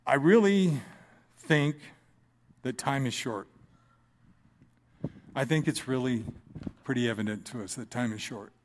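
Man, mid-pitched, sharing a heartfelt testimony to a congregation; plainspoken, earnest, drops in a dry joke now and then. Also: measured pace, pauses often. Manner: earnest and conversational with dry humor. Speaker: businessman giving church testimony. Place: church, speaking from the front.

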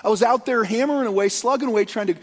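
A fairly high-voiced man preaching an earnest, conversational sermon. He talks in loose stretches full of restarts and fillers. His voice rings out with a long reverb tail, like a church auditorium. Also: racing. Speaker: pastor.

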